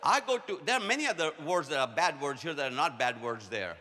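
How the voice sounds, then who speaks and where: A man, giving a humorous preaching keynote at a conference as a playful storyteller who rattles off quick repetitions. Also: fairly high pitch, lively intonation, bright, forceful tone. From India. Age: 60s. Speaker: conference speaker. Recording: long hall reverb, faint noise.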